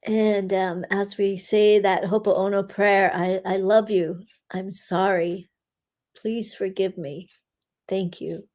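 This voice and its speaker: Slow-talking woman guiding an energy clearing. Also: mid-range voice, fairly even intonation. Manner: unhurried, giggly, frequent soft laughs. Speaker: energy healer hosting a live session. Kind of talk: guided energy-clearing meditation.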